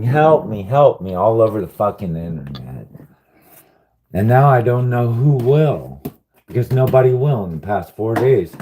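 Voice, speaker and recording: A man's voice: lowish voice, dark tone, a little hiss or hum, poor audio. A man rambling through a live-stream monologue, sighing often, swearing heavily and sounding bewildered and aggrieved. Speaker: livestreamer.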